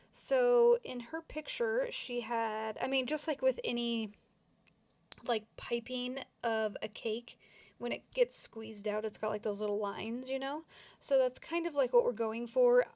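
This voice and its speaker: A woman's voice: on the high side, a little mellow, no echo. A young woman chatting casually through a nail tutorial, giggly and rambling with lots of fillers. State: a bit out of breath.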